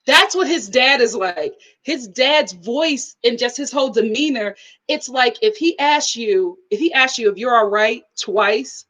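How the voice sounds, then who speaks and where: Lively woman vlogger with a high, swooping voice who laughs a lot and acts out quotes. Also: moderate pace, poor audio. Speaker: vlogger reviewing a reality show. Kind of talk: casual chat.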